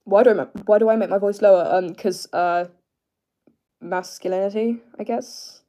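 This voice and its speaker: A young man with a British accent, chatting casually on a live stream and answering viewers, hesitant with many fillers as he tries to keep his voice low. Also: steady tone, dark tone. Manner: hesitant, filler-heavy, deliberately lowering his pitch.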